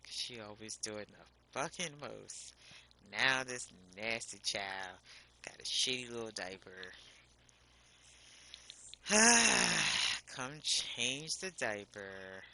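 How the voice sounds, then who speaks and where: A woman's voice: extremely low pitch, lively intonation, extremely slow, pauses often, sharp tone, a little hiss or hum, rough recording. A woman streaming herself playing a life-sim game, chatting casually and scolding the characters in an exasperated, chatty way. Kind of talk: casual gameplay commentary.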